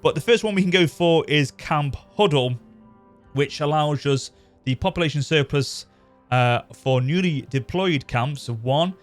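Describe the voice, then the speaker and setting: Guy chatting through a strategy game, rambling and correcting himself, faint music under. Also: medium pitch. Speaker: gaming channel host. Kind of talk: casual let's-play commentary.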